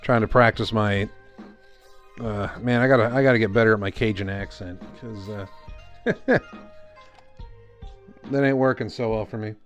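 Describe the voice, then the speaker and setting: A man streaming a live drawing session, talking through his work in a relaxed, rambling way with lots of fillers. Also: fairly low pitch, normal speed, pauses often, soft background music. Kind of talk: casual commentary while drawing.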